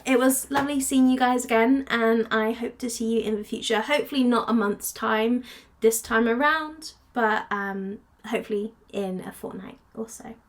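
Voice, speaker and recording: Young woman, craft vlogger, casual rambling chat, a touch high-pitched. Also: fairly even intonation, normal speed, hardly any pauses. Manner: rambling, with many fillers and restarts.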